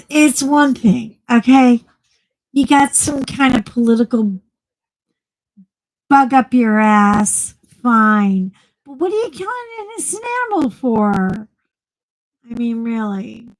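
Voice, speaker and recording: A woman's voice: mid-range voice, darkish tone, no room sound, low-quality recording. A middle-aged woman hosting a casual live chat with viewers, blunt and chatty, often laughing as she talks. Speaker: livestream host.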